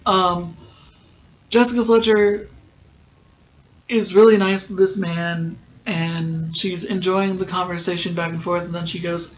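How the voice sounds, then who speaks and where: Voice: mid-range voice, flat delivery, measured pace, highs cut off, a little hiss or hum. A podcast host giving a casual, rambling recap of a TV episode, with many filler ums.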